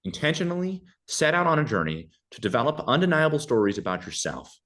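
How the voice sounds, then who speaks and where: A young adult man giving casual conversational advice as a podcast guest, animated and acting out little dialogues in shifting voices. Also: medium pitch, fast talker.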